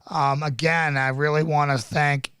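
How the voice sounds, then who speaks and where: A man's voice: on the high side, little pitch movement, a little slow, a bit bright, clear, resonant tone, dry recording, studio quality. A man hosting a casual live-stream chat, laid-back and rambling with lots of fillers. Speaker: podcast host.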